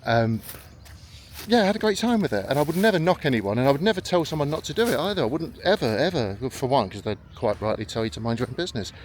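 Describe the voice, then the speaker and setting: A middle-aged vlogger strolls through a park, talking quickly in a sing-song, mid-range voice. He rambles through stories in a chatty walk-and-talk, acting out the voices of people he quotes, with faint outdoor noise in the background.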